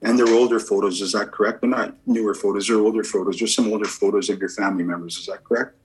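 Husky-voiced male medium, steady questions. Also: fairly low pitch, fast, poor audio. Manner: asks short yes-or-no questions, repeats "okay, perfect". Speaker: evidential medium giving a reading. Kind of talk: spirit reading session.

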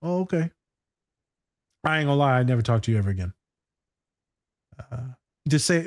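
A man's voice: medium pitch, lively intonation, fast talker, long pauses, a little mellow, no echo, clean studio sound. Blunt, profane man talking casually. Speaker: therapist reacting to a TV scene. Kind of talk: casual reaction chat.

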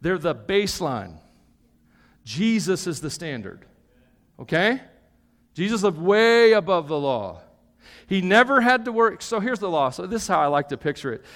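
A man with a high voice preaches a live sermon, emphatic and quick to joke, tagging his points with "okay?". The sound carries the long reverb of a church hall. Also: very animated, a bit bright. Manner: emphatic, tags points with "okay?", joking asides. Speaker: pastor.

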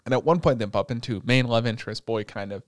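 A young man recounts a show in loose, profane chat and keeps dropping into quick impressions of the characters. His voice sits at an ordinary middle pitch. The sound is dry and close, with no room around it. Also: dry recording. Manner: profane, animated storytelling with quick put-on voices. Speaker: podcast co-host recapping an anime. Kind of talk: casual chat.

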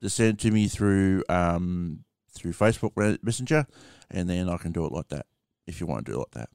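A man's voice: low voice, expressive, fairly quick, darkish tone, clean tone, dry recording, studio quality. An Australian man hosting a live stream, chatting casually with callers and swearing freely.

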